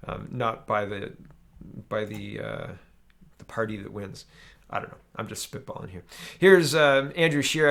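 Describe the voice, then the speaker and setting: A man's voice: medium pitch, a bit bright. A man hosting a political commentary show, from Canada, reading headlines aloud and riffing on them in a sarcastic, rambling way.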